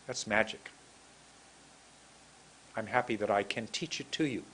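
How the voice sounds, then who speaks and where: A man from San Francisco teaching English pronunciation, repeating words slowly and deliberately. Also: on the low side, a bit bright, slight background noise. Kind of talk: slow demonstrative lesson.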